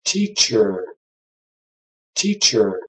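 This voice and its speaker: A woman reads out practice words clearly and repeats each one. Her pitch rises and falls a lot, and she speaks very slowly. She sounds a little distant from the microphone. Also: big pitch swings. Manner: says each word or phrase twice, clearly. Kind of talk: slow repeat-after-me drill.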